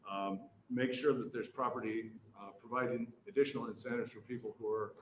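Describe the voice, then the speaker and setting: A man's voice: medium pitch, steady tone, fairly quick, a little hiss or hum. A man testifying before a legislative committee, earnest and stammering, with many restarts. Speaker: witness testifying. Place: hearing room. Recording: echoey hearing room.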